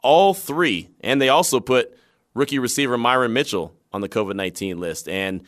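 A man's voice: medium pitch, fairly quick. A man hosting a sports talk show, chatting conversationally about football news and sometimes acting out quotes. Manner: conversational, animated storytelling with acted asides. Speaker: sports radio host.

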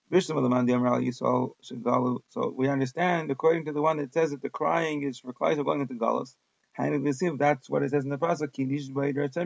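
Gravelly male Talmud teacher, reads then translates, dry close sound, dull audio. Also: a little high, dry recording. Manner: reads Aramaic text then translates in casual English. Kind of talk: daf yomi Talmud lesson.

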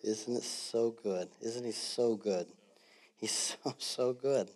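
A man in his thirties, a pastor delivering a sermon in a church, moving from quiet storytelling to loud, fervent preaching. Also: on the low side, takes it slowly. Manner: builds from soft storytelling to loud passionate preaching. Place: church sanctuary.

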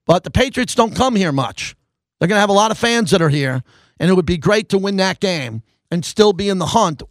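A man hosting a sports talk radio show into a studio microphone, ranting and fired up, swinging between loud bursts and low grumbles. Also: dry recording.

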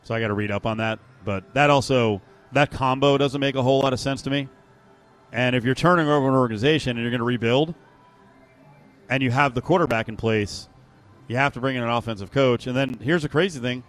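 A man's voice: mid-range voice, fast talker, faint music behind. A man co-hosting a sports talk radio show, rambling and joking between opinions. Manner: animated, rambling, joking asides. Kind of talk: casual sports radio banter.

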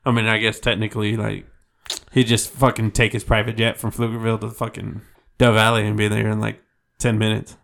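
A man's voice: on the low side, completely flat delivery, a little fast, gravelly, fairly bright tone. A man co-hosting a podcast, laid-back and profane, laughing often in casual chat. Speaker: podcast co-host.

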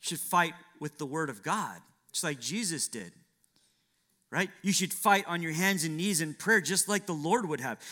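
A man's voice: high voice, expressive, moderate pace, bright, forceful tone. A man preaching a sermon as a pastor, building emphasis through repeated phrases. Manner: preaching with swelling, emphatic repetition.

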